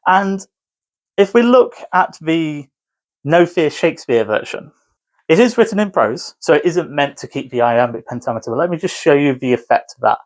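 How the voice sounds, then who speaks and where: A man's voice: fairly high pitch, expressive, moderate pace. A man who teaches, talking casually to camera, rambling and correcting himself as he explains. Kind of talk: casual video commentary.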